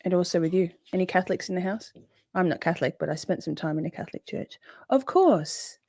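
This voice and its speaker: Woman, 40s, livestream host: loose, chatty, swears freely, lower-pitched voice, dry close sound. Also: expressive, a little fast, creaky, darkish tone, no echo. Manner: chatty, swears, greets viewers by name. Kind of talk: casual livestream chat.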